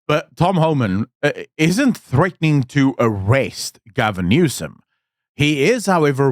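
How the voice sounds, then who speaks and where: Male commentary host, mid pitch, blunt and emphatic, close dry sound. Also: no echo. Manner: blunt, emphatic, sarcastic asides. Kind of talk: opinion commentary monologue.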